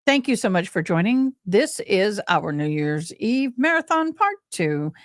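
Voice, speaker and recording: A woman's voice: mid-range voice, sing-song, a little slow. A woman hosts a casual livestream, talking in a chatty, scattered way and breaking into sudden cheers. Her voice sits in a middle range. The sound is dry, with little room echo. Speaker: livestream host.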